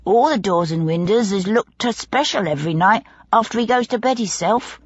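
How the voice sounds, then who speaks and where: A woman's voice: medium pitch, lively intonation, moderate pace, husky, dull audio, pitched above the performer's own voice. A woman voicing an eager, gossipy young housemaid who talks in broad working-class dialect. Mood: confiding.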